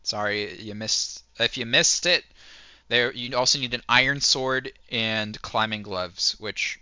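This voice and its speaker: A man's voice: mid-range voice, measured pace, bright, forceful tone, clean tone. Wry man reading game text aloud. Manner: reads game text with wry asides and chuckles. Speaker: streamer. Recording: muffled, with music behind.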